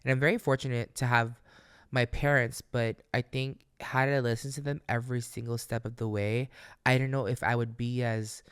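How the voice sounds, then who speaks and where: A man's voice: mid-range voice, little pitch movement, moderate pace, fairly bright tone, clean tone, no echo, studio quality. Candid, emphatic podcast host man. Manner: emphatic and candid, swears freely; motivational, addresses listeners directly. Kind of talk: casual solo podcast monologue.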